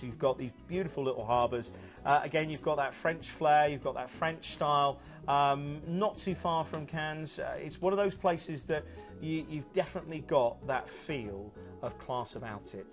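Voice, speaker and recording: A man's voice: fairly high pitch, normal speed, faint music behind. A man presenting cruise holidays on a TV sales show, chatty and upbeat with lots of fillers. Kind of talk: enthusiastic sales chat.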